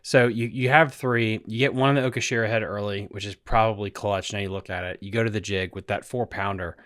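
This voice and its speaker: A man with a fairly low voice hosts a casual podcast chat. He sounds enthusiastic and keeps asking follow-up questions. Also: fairly even intonation, fairly quick, fairly bright tone. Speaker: podcast host.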